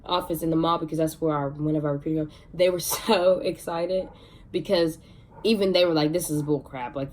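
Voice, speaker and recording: Young woman, low-pitched, chatty vlog storytelling, excitable, lots of fillers. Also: slight background noise. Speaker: vlogger. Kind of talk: casual storytelling to camera.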